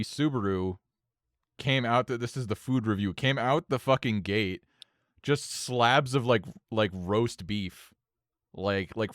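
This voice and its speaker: A young man telling a long story in casual podcast chat, animated and swearing freely. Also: on the low side, dry recording, clean studio sound. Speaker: podcast co-host.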